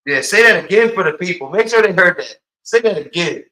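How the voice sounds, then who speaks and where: A man's voice: high-pitched, expressive, brisk, pushed and bright, reverberant, low-quality recording. A man in casual chat, talking in a hyping, promotional way.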